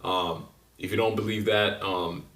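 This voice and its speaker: A man's voice: low voice, steady tone, unhurried, a bit bright. A man rambling through a casual vlog monologue, loose and joking, with lots of fillers and slang. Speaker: vlogger. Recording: roomy echo, mic at a distance.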